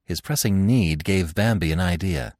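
A man narrating a classic novel in an expressive, dramatic storytelling manner. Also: low voice, moderate pace, no room sound, clean studio sound.

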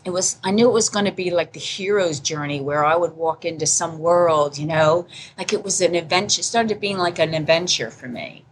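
A woman's voice: on the low side, brisk, hardly any pauses, slight background noise, poor audio. A woman in her fifties, a podcast guest telling her story in a candid, casual way, often laughing and acting out what people said. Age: 50s. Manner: candid, laughing, acts out dialogue.

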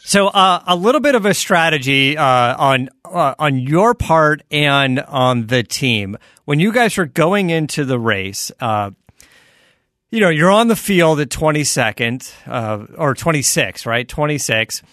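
A man's voice: on the high side, lively intonation, unhurried, fairly bright tone, no echo, clean studio sound. A man co-hosting a casual interview podcast, asking rambling, loosely built questions and laughing easily. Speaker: podcast co-host.

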